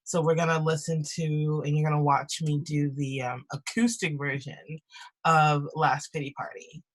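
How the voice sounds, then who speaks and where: A woman's voice: sits low, flat delivery, moderate pace. A woman in her twenties, a singer-songwriter, chatting casually from her bedroom over a video call, laughing often and restarting her sentences. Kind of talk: casual chat and acoustic singing. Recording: guitar music behind the singing.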